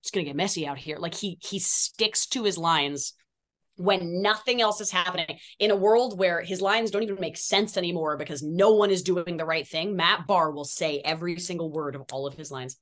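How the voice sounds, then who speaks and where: A woman's voice: on the low side, moderate pace. A woman actor, the guest, chatting casually and playfully telling stories from set. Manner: animated, playful storyteller. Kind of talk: casual interview chat.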